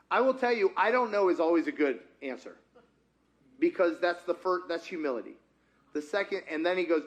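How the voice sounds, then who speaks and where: Man, pastor, high voice, animated interactive sermon, acts out dialogues. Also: a little fast. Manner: animated, talks with the congregation, acts out dialogues with God.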